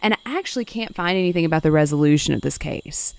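A woman's voice: low voice, fast, creaky, a little mellow, smooth, no echo. A woman co-hosting a casual true-crime podcast, reacting with wry, sarcastic quips. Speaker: podcast co-host.

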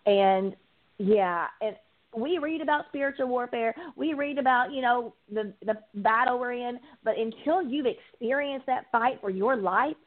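A woman's voice: on the high side, measured pace. A woman guest and addiction recovery coach, giving an earnest, heartfelt personal testimony in an interview, with frequent ums. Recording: tinny phone-line sound.

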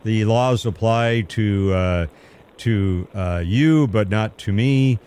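A man hosting a call-in radio show, talking in a measured, earnest way with hesitant restarts. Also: fairly low pitch, darkish tone, smooth. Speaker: radio talk show host.

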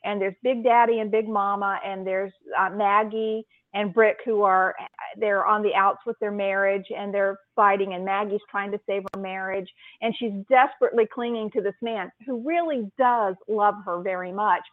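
A woman co-hosting a writing podcast who talks casually and retells story scenes with lively emphasis. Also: medium pitch, moderate pace, no echo. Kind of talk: casual chat. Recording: tinny phone-line sound, dry.

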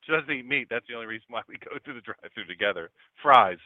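A man's voice: mid-range voice, lively intonation, fast talker, no room sound. Middle-aged man, pastor, chatty radio sermon full of joking asides, dry and tinny phone-like sound. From Delaware, USA.

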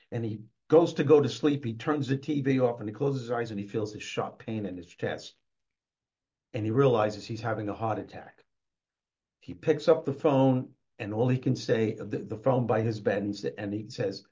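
A man, an author and motivational speaker, telling a story as an interview guest in a lively way and acting out the scenes, on dull lo-fi audio. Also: medium pitch, moderate pace.

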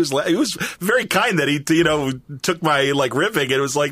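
A man in his fifties hosting a podcast in a studio, telling stories in a lively, chatty way. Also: on the high side, a little fast, few pauses, no echo. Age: 50s. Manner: animated storytelling with quoted voices. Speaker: podcast host. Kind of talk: casual chat. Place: recording studio.

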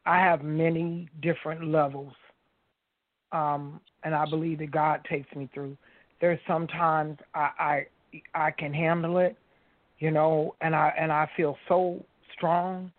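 A woman's voice: low-pitched, flat delivery, a little slow, dry recording. A woman guest on a radio talk show, earnestly telling a personal faith story and speaking straight to the listeners. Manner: earnest, storytelling, addresses listeners as you guys. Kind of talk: casual faith testimony. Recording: tinny phone-like line.

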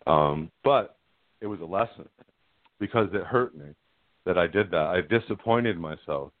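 A man's voice: sits low, animated, normal speed, dry recording. A middle-aged man calling in as a guest, telling a personal story in a frank, rambling way and laughing at himself. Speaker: guest caller. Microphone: phone. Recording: tinny dry phone line.

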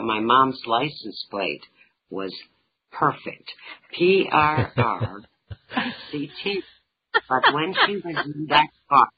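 A middle-aged woman tells humorous family stories as an interview guest, in an unhurried, drawn-out way. The sound is dull and lo-fi, with a faint hiss underneath. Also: very deep voice. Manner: humorous, anecdotal storyteller. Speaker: author and talk show guest. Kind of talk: interview storytelling.

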